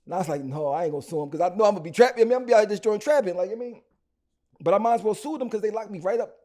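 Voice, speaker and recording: A man with a Philly accent tells his story in quick, slangy bursts, doubling back and restarting often. His voice sits high but has a dark, mellow tone. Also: animated. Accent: Philadelphia. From Philadelphia. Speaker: rapper guest. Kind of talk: storytelling interview.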